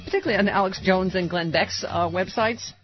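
A woman hosting a talk radio show, trading quick jokes with her co-hosts and taking callers. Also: lowish voice, dull audio. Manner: wisecracking, quick to laugh. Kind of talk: talk radio banter and call screening.

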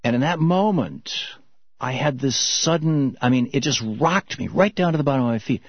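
A middle-aged man from Michigan hosting a call-in radio show, telling stories and answering callers in a halting, reflective way. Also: medium pitch, animated, slightly rough, no echo. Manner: reflective storytelling, halting with restarts. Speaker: radio talk show host. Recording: dull muffled radio broadcast.

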